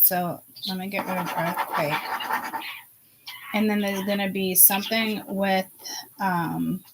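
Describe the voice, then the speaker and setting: A woman hosting her own psychic channel, talking casually and thinking aloud in slow, halting bits that trail off mid-thought. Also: mid-range voice, fairly even intonation. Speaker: self-styled psychic channel host. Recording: clear background noise.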